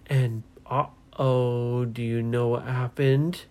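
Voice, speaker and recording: A woman telling a children's adventure story in a gentle, drawn-out way, dropping to a whisper for tense moments. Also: extremely low pitch, slight background noise. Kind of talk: bedtime-style adventure storytelling.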